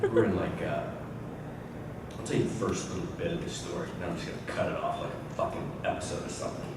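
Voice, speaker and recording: A man telling a profane comic story to a convention audience, animated and swearing freely while mimicking others. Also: deep voice, fast talker, creaky. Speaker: convention panel guest. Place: large convention hall. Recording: echoey hall, distant mic, loud noise.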